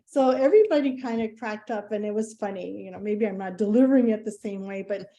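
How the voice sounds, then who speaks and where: Woman presenter, warm lower-toned voice, animated and chatty storyteller. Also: fast, highs cut off. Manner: animated, acts out quoted dialogue; chatty, with frequent fillers. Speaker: presenter at a community meetup. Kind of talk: casual presentation with anecdotes.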